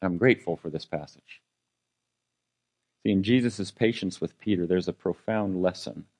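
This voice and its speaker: Male pastor, conversational sermon delivery, engages the congregation, rises and drops in pitch. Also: moderate pace, a little mellow. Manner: conversational preaching with congregation questions; fillers and restarts, dynamic pitch and volume.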